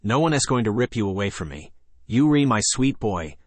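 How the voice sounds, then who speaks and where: Man reading a scary story aloud, low voice, dry close mic, plain and even. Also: moderate pace, dry recording. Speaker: narrator. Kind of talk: scripted horror story narration.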